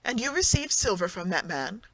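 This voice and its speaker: An audiobook narrator voicing a passionate young woman who reproaches her husband indignantly, in a clear reading voice. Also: medium pitch, big pitch swings, moderate pace, fairly bright tone, poor audio. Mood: reproachful.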